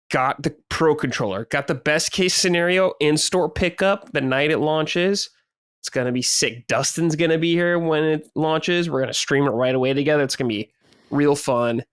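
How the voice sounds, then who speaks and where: A man's voice: medium pitch, a bit bright, smooth, no echo, clean studio sound. A man co-hosting a gaming podcast, telling a story in casual chat and swearing freely. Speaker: podcast co-host.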